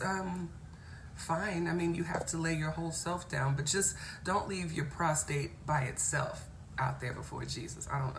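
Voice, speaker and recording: A woman from Cincinnati hosting a chatty live stream, playful and quick to laugh as she greets viewers by name. Her voice sits on the low side. Faint noise hums behind her. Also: a bit bright. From Cincinnati, Ohio. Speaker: host. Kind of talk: casual live-stream chat reading viewer comments.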